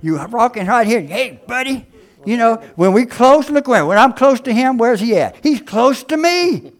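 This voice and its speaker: A man preaching a folksy, fervent sermon that swings from quiet asides to loud exclamations. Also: extremely high pitch, sing-song, normal speed.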